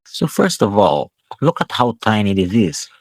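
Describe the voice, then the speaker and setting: A man's voice: lowish voice, very animated, normal speed, dry recording. A male student vlogger casually and eagerly talking through his home tech, with small slips and restarts. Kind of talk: casual tech vlog talk. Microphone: clip-on wireless mic.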